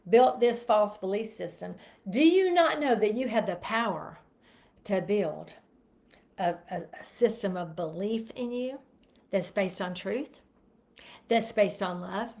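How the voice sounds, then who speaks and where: A woman's voice: mid-range voice, lively intonation, slow pace, creaky, long pauses, darkish tone. A woman giving a motivational self-help talk, emphatic and repetitive, leading listeners through spoken affirmations. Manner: emphatic, repeats phrases and leads spoken affirmations. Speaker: motivational speaker.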